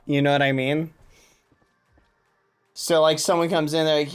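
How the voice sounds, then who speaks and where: A man's voice: a little high, little pitch movement, measured pace, clear, resonant tone. A man streaming a building game, chatting casually and playfully with his viewers, humming as he thinks. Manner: musing, playful, hums a lot.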